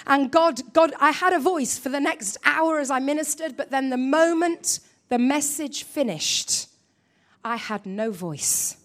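High-voiced animated woman preacher. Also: unhurried. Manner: animated, emphatic, acts out her own quoted thoughts. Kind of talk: sermon.

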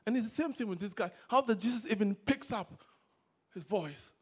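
A man preaching a sermon to a congregation, swinging between loud exhortation and quiet asides. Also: sits high, moderate pace, slightly rough. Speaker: pastor. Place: church service.

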